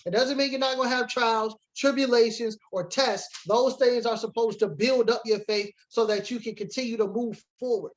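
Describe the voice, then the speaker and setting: A man's voice: extremely high pitch, normal speed, few pauses, low-quality recording. A man teaching a sermon-style Bible lesson to a congregation, reading scripture aloud and defining words, switching between emphatic preaching and casual asides.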